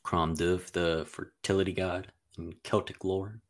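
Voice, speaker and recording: Podcast co-host, man, very low voice, loose rambling storyteller. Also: little pitch movement, unhurried. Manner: rambling, filler-heavy storytelling with playful jabs. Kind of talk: casual podcast chat.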